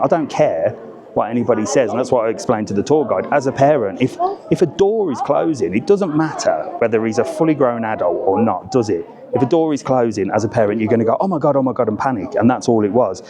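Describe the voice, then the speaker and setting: A man's voice: mid-range voice, lively intonation, a little fast. A middle-aged man, vlogging his trip in a chatty, blunt way and swearing when annoyed. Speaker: travel vlogger. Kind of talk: casual travel vlog. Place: crowded alpine train station and train. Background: crowd chatter.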